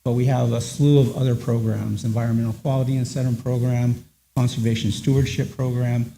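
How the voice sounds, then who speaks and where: A man representing a conservation agency who speaks at a public meeting in a halting way, with many fillers. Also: mid-range voice, flat delivery, gravelly, mellow, poor audio.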